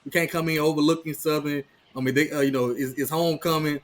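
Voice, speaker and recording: Fast-talking excitable man in his thirties. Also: fairly high pitch. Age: 30s. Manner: excitable, talks fast, repeats words. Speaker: guest, rival team insider. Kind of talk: casual sports talk.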